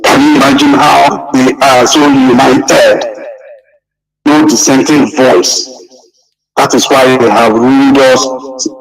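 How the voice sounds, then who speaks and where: A man's voice: mid-range voice, far from the mic, rough recording. A man giving an impassioned speech, pleading and repeating his calls to his listeners. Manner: pleading, repetitive exhortation. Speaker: guest speaker.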